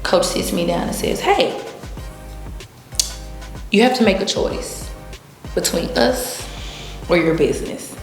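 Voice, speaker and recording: Brief: lively woman guest, storytelling, roomy echo, faint music behind. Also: lowish voice, normal speed. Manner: animated, acts out quotes, laughs often. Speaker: interview guest. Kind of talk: casual storytelling.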